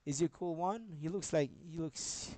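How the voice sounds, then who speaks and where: A man's voice: on the high side, normal speed, mellow, dry recording. Rambling man live-streaming. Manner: rambling, swears, jumps between topics.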